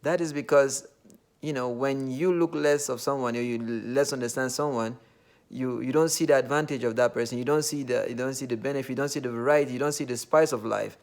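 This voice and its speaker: A man's voice: mid-range voice, brisk. A man from Nigeria with a Nigerian accent, talking in a casual, earnest monologue full of fillers. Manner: earnest, loosely phrased with many fillers.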